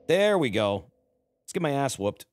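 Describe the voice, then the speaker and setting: Excitable man streaming a game, lively pitch. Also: moderate pace. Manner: excitable, shouts and exclaims during fights. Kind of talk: casual live-stream gameplay commentary.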